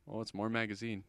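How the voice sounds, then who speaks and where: A man's voice: on the low side, gravelly, no echo. A young man giving rambling, goofy and self-deprecating commentary over a screen recording of his channel. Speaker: channel host.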